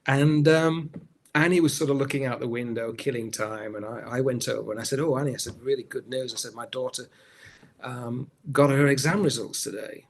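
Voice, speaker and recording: A middle-aged man, an actor as a guest, telling stories in a relaxed interview, often restarting his sentences. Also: medium pitch, brisk, a little hiss or hum. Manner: rambling storyteller, many restarts. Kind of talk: anecdotal interview chat.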